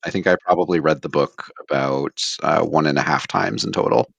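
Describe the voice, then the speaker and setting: A man's voice: very deep voice, fairly quick, gravelly, slightly rough, no echo. A man hosting a casual book podcast, leading the discussion with dry, wry asides. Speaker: podcast host.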